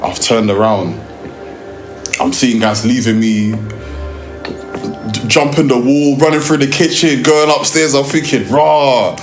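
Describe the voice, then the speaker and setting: A young man with a London accent tells a lively, slang-heavy story from his work filming music videos. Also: medium pitch, measured pace, roomy sound. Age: young adult. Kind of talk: storytelling interview.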